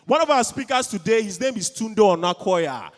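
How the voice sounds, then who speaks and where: Brief: Igbo-accented Nigerian emcee, high-pitched, hyped crowd-rouser, reverberant event hall. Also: male voice, animated, normal speed. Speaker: event co-host. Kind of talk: live event hosting.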